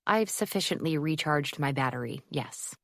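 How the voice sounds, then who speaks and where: Narrator as a dry-humored guarded young mom, low voice, dead dry sound. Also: female voice, animated, normal speed, creaky, a bit bright, no room sound, exaggerated voice. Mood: wry. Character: wry single mother, guarded and quick with humor.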